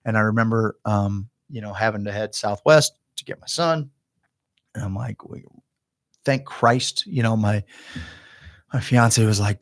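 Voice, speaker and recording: A man's voice: fairly low pitch, measured pace, long pauses. A man talking casually on a podcast, his speech loaded with swearing. He rambles and restarts as he tells an emotional story. Now and then he voices his own past thoughts aloud. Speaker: podcast guest.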